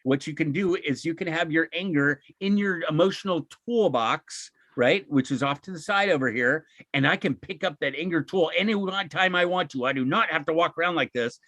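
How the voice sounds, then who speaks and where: A man's voice: on the high side, fairly quick, few pauses, a bit bright, no echo. A man giving an informal, encouraging webinar talk over a video call, often acting out what people say. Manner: conversational, encouraging, acts out quoted speech.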